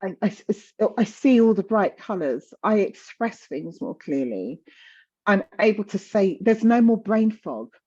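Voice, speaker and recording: A woman's voice: mid-range voice, sing-song, unhurried, darkish tone, breathy edge, dull audio. A woman in her fifties talking candidly in conversation, passionate and emphatic, often repeating words for stress. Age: 50s.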